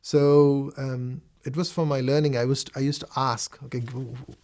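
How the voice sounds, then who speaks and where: A man's voice: medium pitch, flat delivery, normal speed, darkish tone. Reflective man with a South Indian accent. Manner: reflective, hesitant with many fillers and restarts. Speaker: interviewee. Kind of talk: personal testimony.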